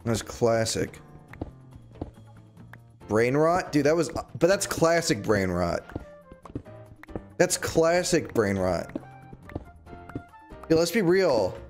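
A man's voice: medium pitch, very animated, takes it slowly, pauses often, soft background music. A young man chatting casually while streaming a game, rambling with jokey, sarcastic asides. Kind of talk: casual livestream chat while gaming.

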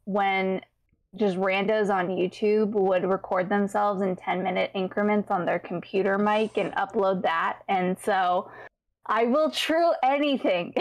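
A woman's voice: medium pitch, measured pace, highs cut off. A woman guest in a casual chat, talking in an easygoing, rambling way.

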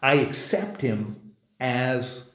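A man's voice: mid-range voice, animated, very slow, fairly bright tone, reverberant, slight background noise. Man teaching a church Bible class. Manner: conversational, many restarts, asks the group questions. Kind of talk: informal Bible study class. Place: church meeting room.

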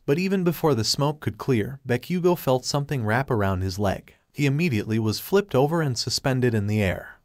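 A man's voice: medium pitch, no echo. Dry-voiced male fanfiction narrator. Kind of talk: reading fanfiction aloud.

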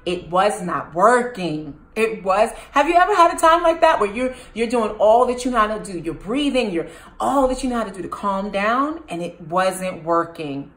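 A woman's voice: mid-range voice, moderate pace, roomy sound. A woman hosting her own channel, telling a personal story to the camera and turning to ask the viewers questions. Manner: animated, addresses viewers with questions. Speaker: host.

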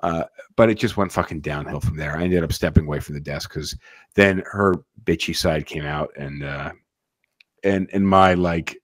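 Male podcast host, very low pitch, dry close sound, rambling and profane, stumbles and restarts. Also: normal speed, dry recording. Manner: rambling, profane, repeats words when starting. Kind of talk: casual chat.

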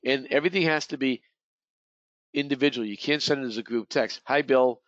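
In a fairly bright, medium-pitched voice, a man talks fairly quickly while leading a real estate training webinar, stumbling into restarts and repetitions. There's no room sound, and the audio is dull and lo-fi.

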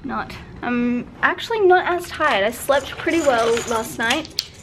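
Woman, at-home vlogger, high voice, candid and rambling, swears a lot, faint room hum. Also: lively intonation, measured pace. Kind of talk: casual vlog chat to camera. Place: at home in an apartment.

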